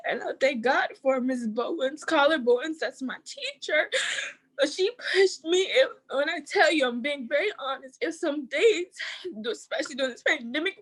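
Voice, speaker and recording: A young woman on a video call giving an emotional, halting thank-you speech, tearful and laughing through tears. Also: high voice, fairly bright tone, poor audio. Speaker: scholarship winner.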